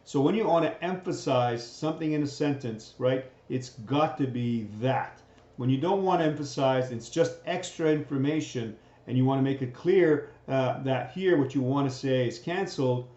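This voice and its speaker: A man's voice: medium pitch, normal speed, warm tone. A man teaching a grammar lesson in a recorded lecture, checking in with "right?" after most points. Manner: keeps asking "right?" to check understanding. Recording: dull, roomy lecture recording.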